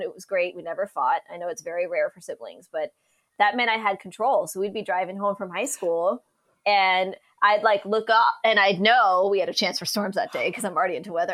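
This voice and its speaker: A woman meteorologist as a podcast guest, telling stories in a casual, animated way and acting out the quoted voices of the people in them. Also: medium pitch, a little fast. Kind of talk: casual storytelling interview.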